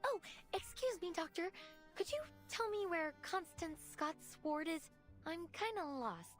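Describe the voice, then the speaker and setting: A woman's voice: very high voice, lively intonation, measured pace, soft background music. A woman voicing a polite, absent-minded young woman in a game who keeps losing her way. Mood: puzzled. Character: forgetful young woman lost in a hospital.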